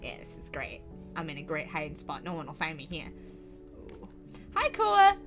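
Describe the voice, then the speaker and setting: A woman voicing a sneaky young female student at camp in a game-based roleplay story, excitable and chatty, with gasps and whispered asides. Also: low voice, moderate pace, over music, heavily acted. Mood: playful. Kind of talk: Minecraft roleplay acting.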